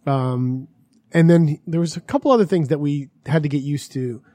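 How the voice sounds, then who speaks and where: A man's voice: a little high, moderate pace, warm tone, no echo, studio quality. A man telling travel stories in loose, crude casual chat, laughing and swearing as he goes. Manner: storytelling, laughs often, swears freely.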